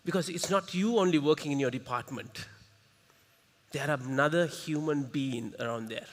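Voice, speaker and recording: Lively Sri man in a hall. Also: a little high. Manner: lively, coaxes the audience, quick rhetorical questions. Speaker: workshop facilitator. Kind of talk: interactive workshop talk. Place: large conference hall. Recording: reverberant hall.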